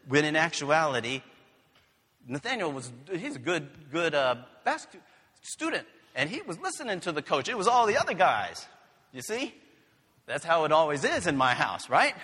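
A man's voice: fairly high pitch, very animated, measured pace, bright, forceful tone, husky, long reverb tail. A man preaching a sermon in an earnest, conversational way, telling family stories. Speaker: pastor.

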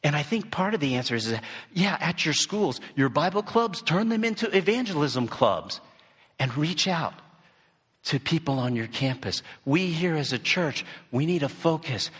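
A man's voice: medium pitch, a bit bright, husky. A man giving a sermon in a church hall, speaking emphatically and repeating key phrases.

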